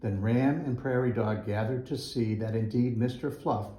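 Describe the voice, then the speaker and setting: A man's voice: mid-range voice, moderate pace, warm tone, reverberant, slight background noise, poor audio. A man, a mayor, reading a rhyming picture book aloud to schoolchildren in a school room. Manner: rhythmic rhyming delivery.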